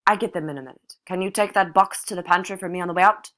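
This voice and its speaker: A woman's voice: on the low side, quick pace, fairly bright tone, voice pushed up, close to an everyday voice. A woman voicing a slender, wry male cook who speaks offhandedly with an unplaceable accent.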